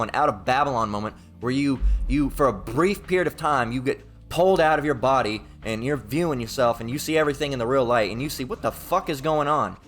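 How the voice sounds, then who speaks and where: A man's voice: medium pitch, fairly bright tone. A man preaching an informal monologue, emphatic and profane, repeating himself and mimicking his opponents in quoted voices.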